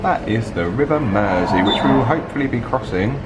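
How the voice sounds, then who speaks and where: A man's voice: mid-range voice, animated, a little fast, reverberant, heavy background noise. A man chatting casually to camera as he tours and narrates a travel vlog. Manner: chatty and informal, touring to camera. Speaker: travel vlogger.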